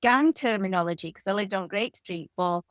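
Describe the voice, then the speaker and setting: An English woman in her fifties, a guest author in an interview, telling lively anecdotes. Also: mid-range voice, fairly quick, no room sound. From England. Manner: animated anecdotal storytelling. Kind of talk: conversational interview.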